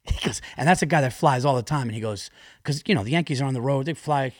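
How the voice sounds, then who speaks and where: A man who is a comedian, guest on a podcast, telling stories with animated energy, acting out other people's lines and laughing often. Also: mid-range voice, no room sound, clean studio sound. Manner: frequent laughter and quick restarts. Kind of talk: casual podcast chat, animated storytelling.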